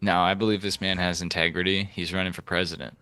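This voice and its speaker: A man's voice: deep voice, level tone, fast talker, bright, forceful tone, clear, resonant tone, no echo. A man moderating a live-streamed debate, reading out donations and joking with the guests in a teasing, casual way.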